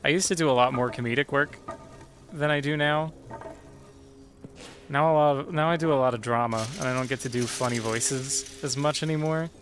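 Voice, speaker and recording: A male streamer talks through a horror game, muttering to himself, cursing and chatting with viewers about voice work. His voice is bright and sharp with an average male pitch. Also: normal speed, faint music behind. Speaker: streamer and voice actor. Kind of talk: casual live-stream chat while gaming.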